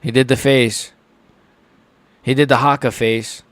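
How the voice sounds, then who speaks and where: A man's voice: mid-range voice, fairly even intonation, a little slow, dry recording. A young man hosting a casual live reaction stream, rambling and stumbling over his words as he chats. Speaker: livestream host.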